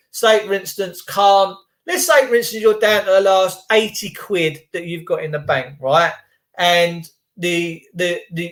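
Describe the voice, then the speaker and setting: A man's voice: high voice, fairly bright tone. An English man ranting heatedly in a casual monologue, swearing freely and restarting his sentences. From England. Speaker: tradesman.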